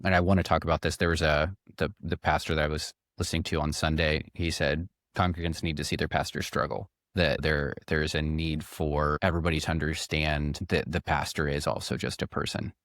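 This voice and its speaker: A deep-voiced man speaks as a podcast guest. He talks in a measured, reflective way and often restarts his phrases. The sound is dry and close. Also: level tone, a bit bright, dry recording. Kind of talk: casual conversation.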